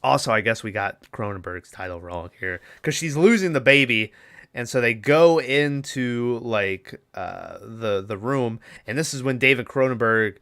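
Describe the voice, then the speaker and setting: A man's voice: mid-range voice, expressive, moderate pace, a bit bright, clean tone. A young man co-hosting a podcast, casually recapping a movie in a rambling, profane way and acting out its lines. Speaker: podcast co-host.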